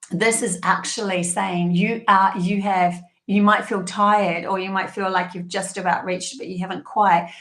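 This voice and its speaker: A woman's voice: medium pitch, a bit bright, echoey room. A woman giving a live-streamed tarot reading, chatty and emotional, laughing often between many fillers. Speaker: tarot reader and channeler.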